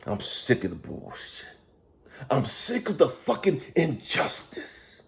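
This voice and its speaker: A man giving an emotional spoken monologue as a life coach, heavily profane and intense, swinging from loud outbursts to near whispers. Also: medium pitch, huge pitch swings, slow, creaky.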